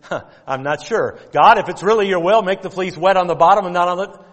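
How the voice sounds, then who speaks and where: A man's voice: high voice, a little fast, fairly bright tone, long reverb tail. A man preaching, voicing a doubting Old Testament man who pleads with God and hesitates. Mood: pleading.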